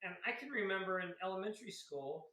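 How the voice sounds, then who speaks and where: An Air Force veteran in his fifties, a South Carolina native by upbringing, tells stories as a chatty interview guest who laughs often and acts out quotes. His high, sharp voice is animated and fast, caught in an echoey room on poor audio.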